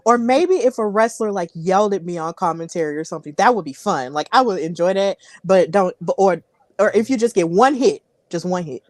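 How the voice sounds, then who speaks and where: A woman's voice: medium pitch, lively intonation, a little fast, a little mellow, dry recording. A woman hosting a wrestling podcast, chatty and giggly, often repeating herself. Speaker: podcast host. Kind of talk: casual podcast interview.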